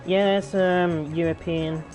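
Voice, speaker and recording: A man's voice: high-pitched, fairly even intonation, slow pace, darkish tone. A young British man chatting casually while playing, rambling and answering his chat. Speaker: gaming YouTuber. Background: game music and gunfire.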